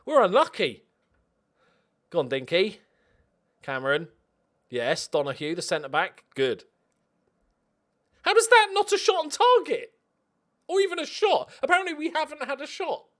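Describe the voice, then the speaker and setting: Excitable man with lively swings. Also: very high voice, moderate pace, long pauses. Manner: excitable, sarcastic, self-mocking. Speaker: let's play host. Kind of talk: gaming commentary.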